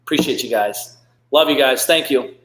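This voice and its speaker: A man's voice: medium pitch, normal speed, fairly bright tone, reverberant, low-quality recording. A man hosting a live stream, reading viewer comments and giving earnest, rambling motivational advice with many fillers and restarts. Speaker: host of a live motivational show.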